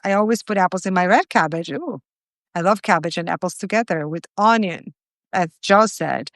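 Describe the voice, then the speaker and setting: A woman's voice: mid-range voice, no echo, low-quality recording. A woman hosting a live cooking stream from her home kitchen, chatty and effusive as she cooks and reads viewer comments aloud. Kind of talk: casual live-stream chat while cooking.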